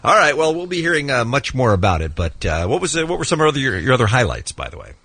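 Husky-voiced teasing radio host, a man. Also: mid-range voice, wildly swooping pitch, sharp tone, dry recording. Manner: teasing, quick to laugh. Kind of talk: casual radio chat.

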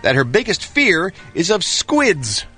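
A man's voice: high-pitched, wildly swooping pitch, slow, sharp tone, breathy edge, soft background music. A man reading entertainment news on a morning radio show in a studio, playful and hammy. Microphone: studio microphone.

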